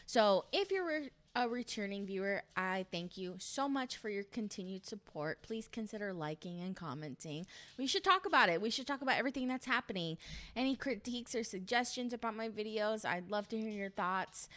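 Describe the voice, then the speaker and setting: A woman's voice: medium pitch, lively intonation, a little fast, a bit bright. A young woman talking casually to camera as she recaps a reality dating show, chatty and opinionated, swearing freely.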